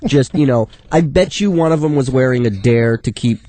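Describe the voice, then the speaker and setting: A man's voice: medium pitch, lively intonation, normal speed, dark tone, dry recording. A man co-hosting a radio show, ranting crudely and indignantly in casual banter. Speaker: radio co-host.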